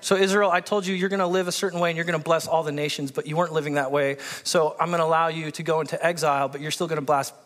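A man preaching a sermon, reading scripture aloud and breaking off into excited commentary. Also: a little high, rapid-fire, few pauses, in a large hall. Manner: animated, excitable, acts out biblical characters with voice shifts. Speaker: pastor.

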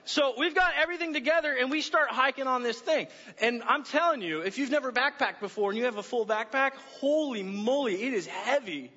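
Male pastor, high and bright, animated storyteller; muffled recording in a reverberant church hall. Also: brisk. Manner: animated storytelling, acts out voices. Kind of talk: sermon with personal story. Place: church auditorium.

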